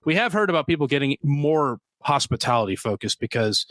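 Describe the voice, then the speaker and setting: On this beer podcast, a male co-host with a high-leaning voice and big pitch swings talks fairly quickly in casual chat. He rambles, filling his speech with ums and frequent restarts, and the bright-ish recording has no echo.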